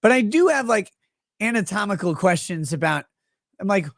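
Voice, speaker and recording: A man's voice: high voice, very animated, normal speed, gravelly, fairly bright tone, dry recording, clean studio sound. A man hosting a livestream, talking in a crude, profane, rambling way and reading out chat messages. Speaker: livestream host. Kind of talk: casual livestream commentary.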